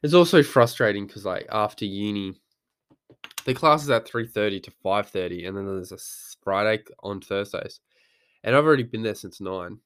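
A man's voice: on the low side, moderate pace, fairly bright tone, clean tone. A young man, talking casually as a podcast host, rambling and swearing freely as he acts out his own thoughts. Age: young adult. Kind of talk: casual monologue.

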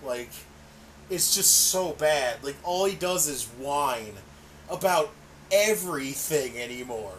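A man's voice: on the high side, lively intonation, slow, fairly bright tone, a little hiss or hum. A man co-hosting a casual wrestling podcast, swearing freely and laughing often. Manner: profane, enthusiastic, laughs often. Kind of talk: casual chat.

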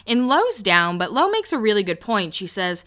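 A woman chatting casually as a podcast host, recapping a reality show and quickly acting out what people said. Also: mid-range voice, sing-song, fairly bright tone. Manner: chatty, quotes people in quick acted voices.

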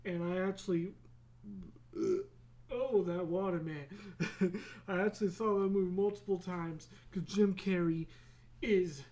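Slow, rambling male podcast host. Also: high-pitched, fairly even intonation, darkish tone. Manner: rambling, easily sidetracked, laughs at himself; swears casually. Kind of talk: solo casual podcast chat.

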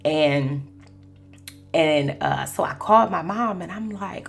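Woman, Christian testimony podcast, low voice, gravelly texture, chatty storytelling. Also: slow, slight background noise. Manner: conversational, storytelling, frequent "you know". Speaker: podcast host.

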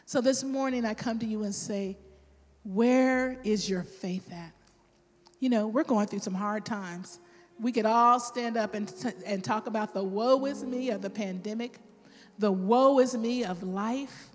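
A woman with a fairly high voice preaches a sermon, telling her own story in a lively, personal way and voicing the people she quotes. Her words ring out with a long reverb through a large hall. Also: normal speed.

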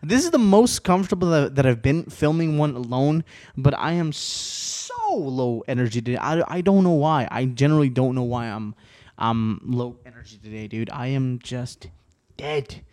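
A man's voice: medium pitch, moderate pace. Man, podcast host, casual solo chat, rambling, profane, mid-range voice, small home studio. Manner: rambling, profane, swings between subdued and excited.

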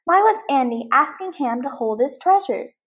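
A woman hosting a show segment, reading a children's storybook aloud. Her narration is gentle and clear, with a slightly high voice. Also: expressive, moderate pace. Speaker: host.

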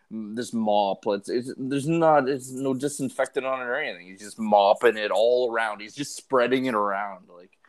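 A man co-hosting a casual podcast, telling stories in an animated way and swearing freely. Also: mid-range voice. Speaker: podcast co-host.

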